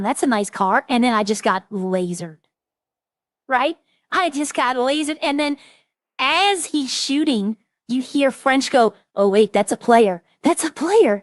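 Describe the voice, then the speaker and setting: A woman streamer talks casually while she plays, rambling from one story to the next. Her voice sits a little high. The sound is close and dry. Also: no echo. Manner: rambling, chatty, animated when retelling stories. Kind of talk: casual chat while streaming a role-play game.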